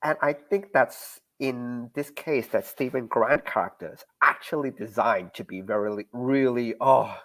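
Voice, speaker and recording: A man chats loosely on a podcast, his voice sitting at an ordinary middle pitch. He talks with animation and laughs often between points. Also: unhurried, few pauses, a bit bright. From Australia. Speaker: podcast host. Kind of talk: casual chat about a TV series.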